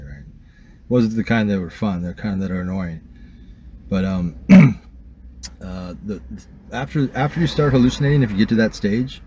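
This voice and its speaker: Rambling, cursing man with a low voice. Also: dark tone, a little hiss or hum. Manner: rambling, profane, many fillers. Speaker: vlogger. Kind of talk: casual first-person account.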